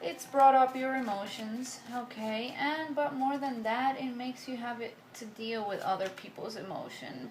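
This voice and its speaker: A woman's voice: fairly high pitch, a little hiss or hum. A woman giving a casual tarot reading, chatty and rambling, swearing now and then and drifting between accents. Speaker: tarot reader. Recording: echoey room with faint ambience.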